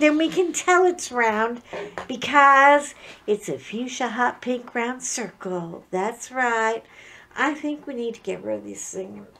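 Middle-aged woman, home craft vlogger, unhurried rambling chat, slightly high voice. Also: creaky, fairly bright tone, a little hiss or hum. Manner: chatty, joking, digressive with frequent restarts. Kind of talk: casual unboxing chat.

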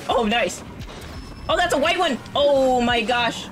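A woman streaming a game live, excitable, talking back to the game, swearing and laughing as she plays. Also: a little high, normal speed, music in the background, low-quality recording. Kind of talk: live gameplay commentary.

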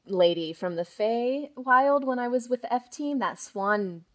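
A woman's voice: a little high, lively intonation, unhurried, a bit bright. Enthusiastic woman chatting on a podcast. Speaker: podcast co-host. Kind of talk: casual chat, live podcast.

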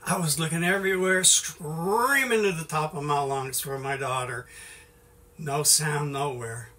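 A man's voice: a little high, measured pace, pushed and bright, far from the mic. A middle-aged man giving an informal sermon in a folksy way, with many "you know"s and restarts. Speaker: preacher.

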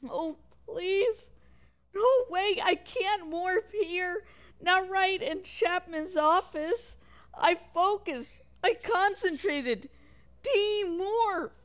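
Slow-reading high-voiced woman. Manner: expressive, with chatty asides. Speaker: reader of a book. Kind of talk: reading a novel aloud on a livestream.

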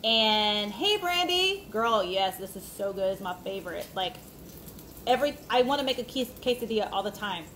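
A woman's voice: medium pitch, brisk, a bit bright. Chatty woman cooking in an echoey kitchen. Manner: chatty, rambling, talks while cooking. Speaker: cooking vlogger. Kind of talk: casual live cooking chat. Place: home kitchen. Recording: echoey room with faint noise.

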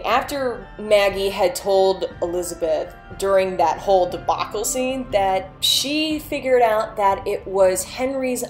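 A woman casually recapping and reviewing a TV drama, animated and swearing freely as she tells the story. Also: lowish voice. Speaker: show reviewer.

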